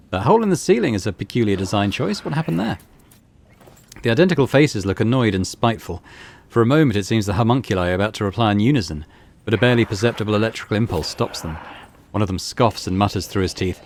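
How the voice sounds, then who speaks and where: A man hosting a let's play video, reading game text aloud and commenting offhand in a relaxed way. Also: fairly low pitch, fast, a little hiss or hum. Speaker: gaming video host.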